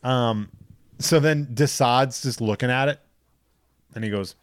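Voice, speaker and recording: A man co-hosting a podcast, casually recapping a movie with profanity and quick impressions of the characters. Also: mid-range voice, no echo. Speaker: podcast co-host.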